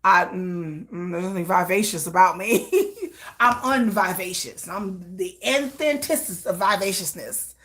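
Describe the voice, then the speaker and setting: A woman's voice: lowish voice, measured pace, a bit bright. Chatty woman telling a rambling story. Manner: rambling, laughs often, acts out quoted voices. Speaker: livestream host. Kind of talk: casual storytelling chat.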